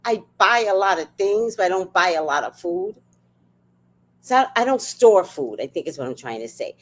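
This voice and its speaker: A woman's voice: medium pitch, normal speed. A woman hosting a livestream, telling stories in a loose, chatty way. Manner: chatty, animated storytelling. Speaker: livestream host. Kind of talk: casual chat.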